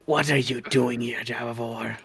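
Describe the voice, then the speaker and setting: A man's voice: medium pitch, steady tone, normal speed, vocal fry, fairly bright tone, husky. A man voicing a stern, proud male lizardfolk warrior who speaks in a curt, exasperated way during live tabletop role-play.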